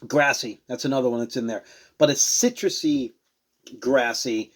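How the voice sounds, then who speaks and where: Tasting beers on his own show, the Rhode Island host reviews them in a loose, meandering way, often hunting for the right word. He talks at normal speed in a mid-range, fairly bright voice.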